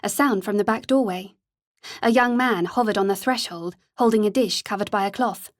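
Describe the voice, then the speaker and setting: Lady reading an audiobook, steady storytelling, dry no-room sound. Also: medium pitch, normal speed, no echo. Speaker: audiobook narrator. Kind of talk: scripted audiobook narration.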